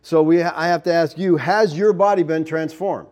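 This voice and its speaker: A man's voice: a little high, fairly even intonation, moderate pace, darkish tone. A man preaching a verse-by-verse Bible teaching, explaining Greek words and often checking in with the listeners.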